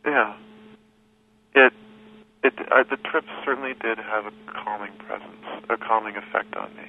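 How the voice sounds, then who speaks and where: A man telling a story as an interview guest, thoughtful and unhurried, often restarting his sentences. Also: on the low side, fairly even intonation, gravelly. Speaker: guest recounting a journey. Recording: tinny phone line with faint noise.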